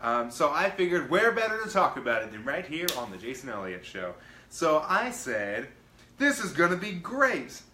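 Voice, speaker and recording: A man's voice: a little high, sing-song, moderate pace, pushed and bright, roomy sound, slight background noise, low-quality recording. A man hosting his own live-stream show, chatting casually and greeting viewers by name in an upbeat way. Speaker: livestream show host.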